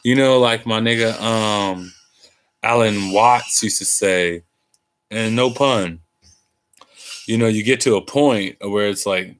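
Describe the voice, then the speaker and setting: Here the host is a weary man whose lowish, slightly bright voice keeps a normal speed. He wanders through a loose monologue full of profanity and street slang.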